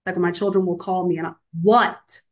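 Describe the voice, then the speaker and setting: A woman's voice: fairly low pitch, level tone, very fast, mellow, rough recording. A middle-aged woman on a faith-based panel, sharing candid, reflective thoughts in a conversational discussion.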